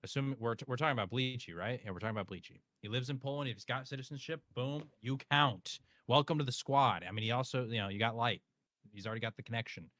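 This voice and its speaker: A man chatting loosely on a live stream with a bright, forward voice. His quick, joking banter sounds dry and close to the mic, with no room around it. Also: medium pitch, no echo. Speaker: streamer host. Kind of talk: casual stream chat.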